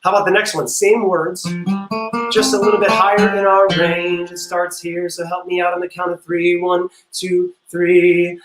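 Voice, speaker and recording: A man teaching a music class, playful and encouraging, leading silly vocal warm-ups and singing notes to demonstrate. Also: high voice, monotone, moderate pace, echoey room, rough recording. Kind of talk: online music class for kids.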